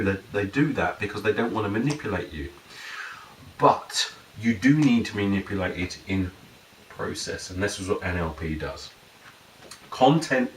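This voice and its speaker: A man's voice: fairly low pitch, fairly bright tone. A man explaining his methods in a casual, rambling way, acting out the dialogue with his client in raised voices. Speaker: NLP and hypnosis practitioner. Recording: roomy echo, mic at a distance, faint noise.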